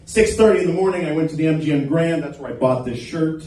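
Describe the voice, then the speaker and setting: A man's voice: on the high side, quick pace, warm tone, slight background noise. A man doing an open mic stand-up set in a small comedy club, crude and teasing the crowd. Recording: echoey club, recorded from a distance.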